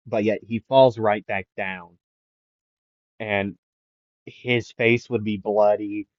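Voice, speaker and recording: A man making up an anime fan-fiction story out loud, rambling with lots of fillers and self-corrections. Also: fairly low pitch, dry recording. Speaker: anime YouTuber. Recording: dull lo-fi dry mic.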